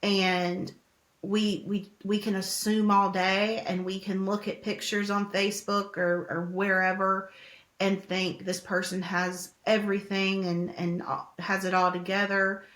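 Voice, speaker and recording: A woman musician talking candidly as an interview guest, open and heartfelt, pausing often with "like" and "um". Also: mid-range voice, little pitch movement, fairly bright tone, echoey room. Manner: open, heartfelt, hesitant with many "like"s.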